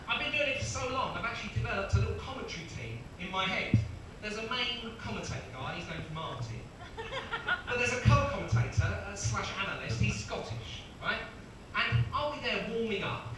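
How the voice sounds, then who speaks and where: Self-mocking comedian in a roomy club. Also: male voice, sits high. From England. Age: 30s. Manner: self-mocking, chatty, breaks into laughter. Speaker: stand-up comedian. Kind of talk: live stand-up with crowd work. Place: small comedy club, live audience. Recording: echoey room from far off, noisy.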